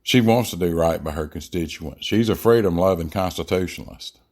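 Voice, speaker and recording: A man's voice: low voice, brisk, darkish tone. A man hosting a podcast, giving a blunt, emphatic political monologue with frequent fillers and restarts. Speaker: podcast host.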